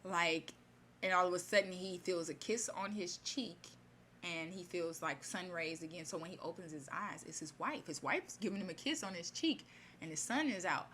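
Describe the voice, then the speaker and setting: A woman retelling a fairy tale in her own casual words, chatty and animated, with many fillers and asides. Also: lowish voice, normal speed, a little hiss or hum. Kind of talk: casual spoken retelling of a story.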